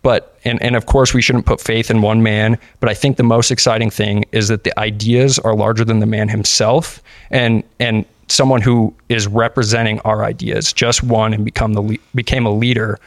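A man's voice: fairly low pitch, level tone, moderate pace, no room sound, studio quality. A man in a casual political discussion, earnest and prone to restarts.

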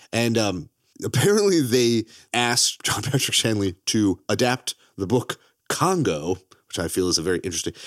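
Animated man chatting on a podcast, dry sound. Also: medium pitch, dry recording. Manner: animated storytelling, laughs often, swears. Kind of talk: casual chat.

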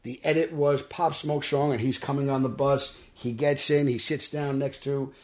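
A man's voice: mid-range voice, normal speed. A man with a Brooklyn accent, an actor telling stories in a casual podcast interview and acting out the dialogue. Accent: Brooklyn New York. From Brooklyn, New York. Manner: animated, acts out quoted dialogue. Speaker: actor guest. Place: podcast studio. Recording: roomy studio echo.

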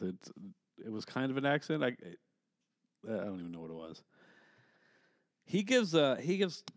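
A man's voice: lowish voice, a little mellow, no room sound, clean studio sound. A man co-hosting a casual movie review podcast, rambling and swearing freely, laughing as he talks. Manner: rambling, profane, laughs often. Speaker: podcast co-host.

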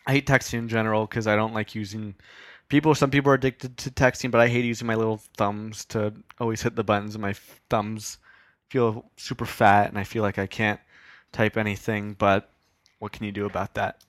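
A young man talks through a solo podcast in a loose, rambling way, often poking fun at himself and swearing casually. His voice sits a little low, and the recording is dry and close. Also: little pitch movement, a little fast, no room sound. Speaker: podcast host.

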